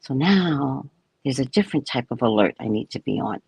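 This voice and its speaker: Husky-voiced woman telling a chatty story. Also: very deep voice, moderate pace, dry recording. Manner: chatty, animated, acts out quoted people. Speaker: psychic reader. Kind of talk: casual storytelling.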